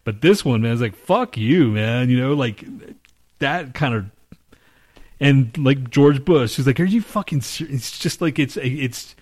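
A man's voice: mid-range voice, unhurried. Rambling, swearing male podcast host. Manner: rambling, profane, mocking impressions. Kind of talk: casual chat.

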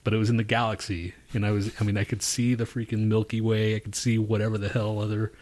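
A man co-hosting a podcast, telling a long, profane story in casual chat and bursting into shouted quotes. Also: lowish voice, monotone, quick pace. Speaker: podcast co-host.

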